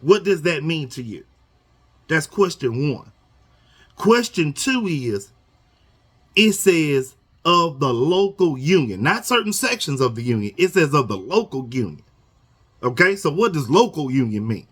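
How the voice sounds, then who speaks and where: A union organizer in the Houston area addresses members in a casual talking-head video lesson, emphatic and repetitive, hammering points home with a questioning "okay?". His voice is fairly high, husky and fairly bright, sing-song, at a measured pace.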